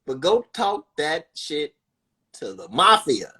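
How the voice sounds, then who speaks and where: A man hosting a livestream, ranting in an animated, profane and sarcastic way, talking into a phone. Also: fairly high pitch, slow, breathy edge. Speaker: livestream host. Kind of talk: casual livestream rant.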